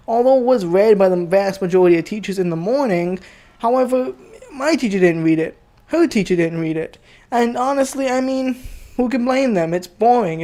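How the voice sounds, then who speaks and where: A man's voice: sits high, dark tone. Young man ranting with crude swearing. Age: young adult. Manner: crude, heated, swearing, rambling with many fillers. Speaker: channel host telling a personal story. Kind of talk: profane storytime rant.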